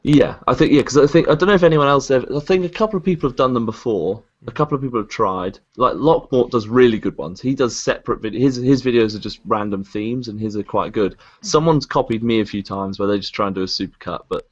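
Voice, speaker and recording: A man's voice: medium pitch, fast, few pauses, highs cut off. A man chatting as a podcast guest over an online call, telling stories with quoted voices. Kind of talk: casual chat.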